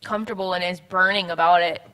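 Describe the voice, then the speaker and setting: A young woman in casual church chat, talking in halting, rambling bursts with frequent laughs. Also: lowish voice, fairly even intonation, pushed and bright. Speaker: church member guest.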